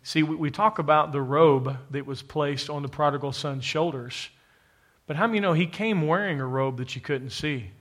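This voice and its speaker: Emphatic male preacher, somewhat high voice. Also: normal speed, fairly bright tone. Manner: emphatic, repetitive, addresses the congregation directly. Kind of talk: sermon. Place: church, to a live congregation with an online audience.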